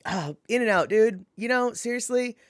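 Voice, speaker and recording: A casual, talkative woman hosting a live stream and answering her chat. Her pitch swoops up and down as she rambles and laughs. The sound is dry, with no room echo. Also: measured pace. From Washington state. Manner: animated, chatty, laughs often, lots of fillers. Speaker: livestream host reading chat.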